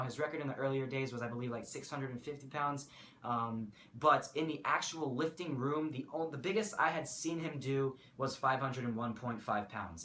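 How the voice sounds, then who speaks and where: A man's voice: medium pitch, sharp tone. A teenage boy from the United States chatting casually in a vlog, rambling and correcting himself as he goes. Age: teens. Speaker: vlogger. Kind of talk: casual talking-head vlog. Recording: echoey room, faint room noise.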